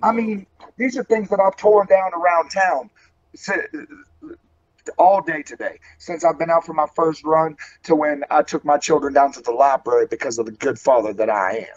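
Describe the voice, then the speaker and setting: Speaking at normal speed with a fairly high, steady voice, a West Virginia wrestler delivers an in-character promo that's both folksy and intense. He calls people brother, and the recording has dull lo-fi audio.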